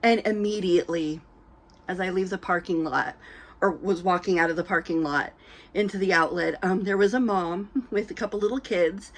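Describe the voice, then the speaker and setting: A woman's voice: fairly low pitch, moderate pace. A woman telling stories to camera in a casual, giggly way, full of ums, with a dry throat. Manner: chatty, giggly, many ums, acts out quoted voices. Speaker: reborn doll collector vlogger. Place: indoors at home, lit by a ring light.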